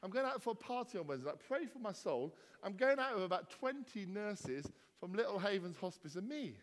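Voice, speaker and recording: A man's voice: high voice, sing-song, brisk. Vicar guy teasing his congregation, voice jumps all over, echoey church hall. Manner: jokey, teasing, bouncy questions to the crowd. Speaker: vicar leading a church gathering. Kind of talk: playful banter with the congregation.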